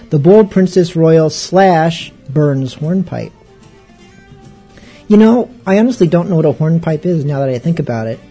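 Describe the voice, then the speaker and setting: Guy hosting a radio show, mellow husky voice, kinda high, rambles along with faint music under him. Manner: rambling, wry and self-mocking. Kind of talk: casual chat between songs.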